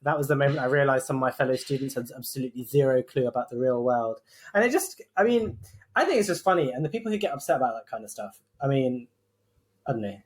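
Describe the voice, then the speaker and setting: A woman's voice: extremely low pitch, lively intonation, fast. A woman co-hosting a podcast, chatting casually, laughing often and egging her co-host on. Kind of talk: casual chat.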